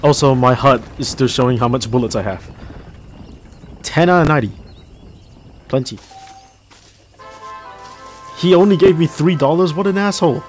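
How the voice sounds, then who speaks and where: A man's voice: a little high, moderate pace, pauses often, faint music behind. A man giving crude, chatty commentary while playing a game. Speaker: gameplay commentator. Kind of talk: casual let's-play commentary.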